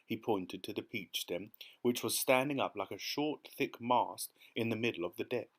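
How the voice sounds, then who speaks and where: A man reading an audiobook as narrator in an even, quiet storytelling manner. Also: on the low side, normal speed, few pauses. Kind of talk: scripted narration.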